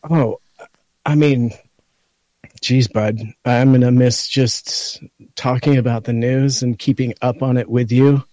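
Man, podcast co-host, mellow voice, halting casual chat. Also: medium pitch, steady tone, no echo. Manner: warm, a bit choked up, halting.

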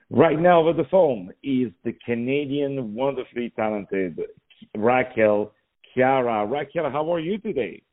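A man's voice: medium pitch, narrow, tinny audio. Effusive male radio host. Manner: effusive, theatrical. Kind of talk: radio interview.

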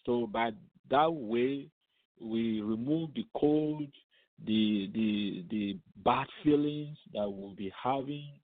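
A man's voice: mid-range voice, slow pace, no echo. A man teaching the Bible on radio, reading scripture aloud and asking rhetorical questions that he answers himself, often repeating words as he goes. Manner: reads scripture aloud with commentary. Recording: tinny phone-line sound, dry.

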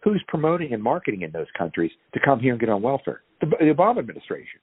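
A husky, low-voiced man talks with fiery, ranting intensity as a podcast guest, his pitch swinging widely as he pushes each point. The sound is thin and tinny like a phone line, with a dry, close feel. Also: very animated, very fast, dry recording. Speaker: guest activist. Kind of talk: impassioned podcast interview.

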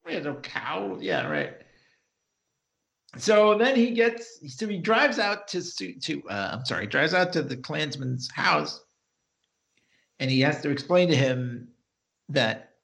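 Gravelly, lively New man. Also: a little high, takes it slowly, pauses often. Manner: animated, acts out characters' lines while retelling scenes. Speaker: podcast co-host. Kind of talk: casual chat recapping a TV episode.

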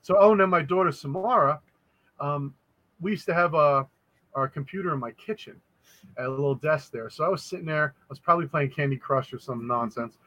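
A man speaking as a guest on a podcast, his voice pitched a little high and ringing bright. He recounts strange happenings casually and animatedly, slipping into other people's voices. The sound is close and dry. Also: brisk, dry recording, highs cut off. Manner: animated, acts out quoted voices. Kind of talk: casual storytelling.

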